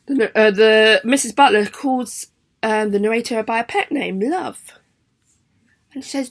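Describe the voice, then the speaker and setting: A young woman, a primary school teacher giving a chatty, encouraging video lesson to children. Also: medium pitch. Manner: chatty, encouraging, sing-song questions to pupils.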